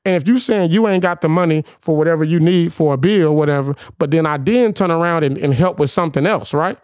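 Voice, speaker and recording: A young man hosting a podcast, telling a story in casual chat, animated and profane, firing rhetorical questions at his co-hosts. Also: on the high side, fast, no echo, studio quality. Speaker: podcast host.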